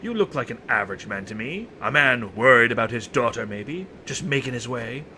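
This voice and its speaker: A man's voice: medium pitch, animated, fairly quick, pushed and bright, a little hiss or hum, voice pushed down. A man voicing a sly, reckless male warlord with a sneering, sarcastic manner, reading him from a game's dialogue.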